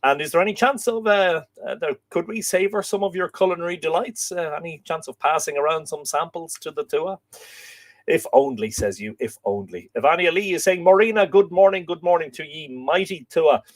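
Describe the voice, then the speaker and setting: A man's voice: fairly high pitch, a little fast. An Irish man hosting a live stream, chatting casually and reading viewer comments aloud, with a lot of musing asides and filler words. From Ireland. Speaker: host.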